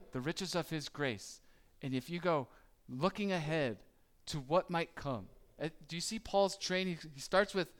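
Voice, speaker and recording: A man preaching a conversational sermon, asking the listeners questions and acting out their worries. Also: on the high side. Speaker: pastor.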